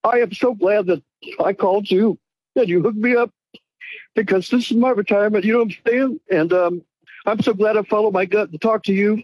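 A man's voice: high voice, fairly quick, dry recording, highs cut off. A man calling into a radio show, speaking in an emotional, grateful and rambling way. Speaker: caller. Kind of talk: call-in radio talk.

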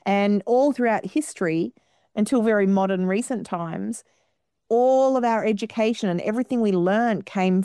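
A woman guest in an interview, explaining her ideas in long, flowing, expressive sentences. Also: medium pitch, clear, resonant tone, no echo, clean studio sound. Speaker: guest musician. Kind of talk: radio interview.

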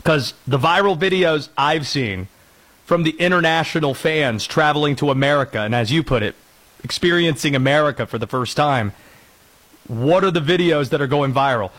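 A man's voice: on the high side, moderate pace, a bit bright, rough recording. A man hosting a sports talk show, joking and playful in casual chat. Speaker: radio show host.

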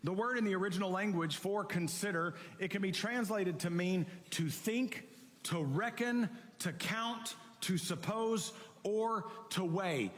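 A passionate male pastor delivering a sermon in a high voice. He reads scripture aloud and explains it to his congregation, and the long reverb of a large church hall trails every phrase. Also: a little slow.

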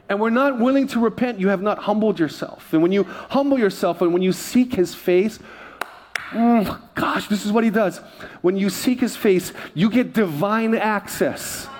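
A man's voice: high-pitched, darkish tone. A man preaching a sermon to his church, conversational and joking with the congregation. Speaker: pastor.

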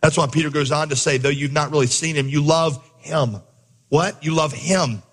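A man preaching with a somewhat high, husky voice, his words ringing out in a big hall with a long reverb. He tells his story in an animated way and acts out the lines he shouted as a coach. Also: moderate pace. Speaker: pastor. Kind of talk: sermon with a comic story.

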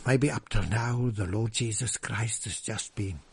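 A man preaching a sermon, slow and emphatic, moving between loud proclamation and hushed, whispered words. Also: fairly low pitch, vocal fry, husky.

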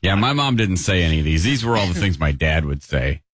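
Low husky dude cohosting, dry jokes, close dry mic. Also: male voice, lively intonation, fairly quick, a bit bright, no echo. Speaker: co-host. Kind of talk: casual chat.

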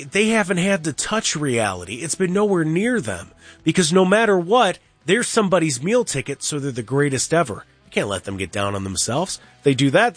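A sports radio host, a man with a fairly high, very lively voice, riffing with opinions and quick mocking impressions. The studio sound is close and dry. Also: slightly rough, no echo. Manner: animated, mocking impressions, frequent restarts.

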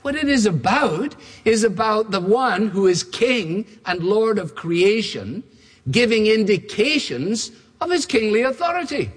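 High-voiced preacher in a reverberant hall. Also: male voice, a bit bright, husky. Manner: emphatic, builds with repeated phrases. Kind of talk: sermon. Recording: long reverb of a large hall.

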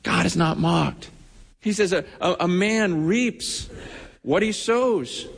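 A man's voice: high voice, slow pace, vocal fry, slightly rough, long reverb tail. A man preaching a sermon with passion, often repeating his words and acting out the voices of people he quotes. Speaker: pastor.

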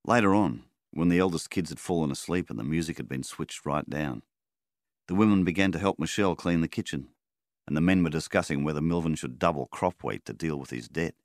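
A man narrating an audiobook in a measured, plain way. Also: very deep voice, dry recording, studio quality. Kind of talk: scripted narration.

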